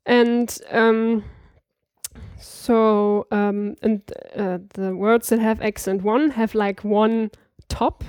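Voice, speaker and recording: A woman's voice: on the high side, fairly even intonation, drawn-out words, darkish tone, smooth, dry recording, studio quality. A woman in a casual practice chat, explaining language points with lots of fillers and restarts. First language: not Swedish. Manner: hesitant, many fillers and restarts. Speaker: language learner.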